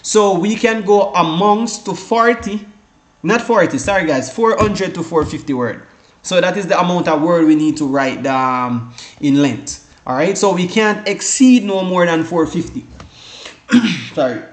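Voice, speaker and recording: In an echoey room, a Caribbean exam tutor gives a casual prep lesson in a high-pitched, slightly slow voice. He rambles, restarts often, uses lots of fillers, and keeps saying "guys" and "all right."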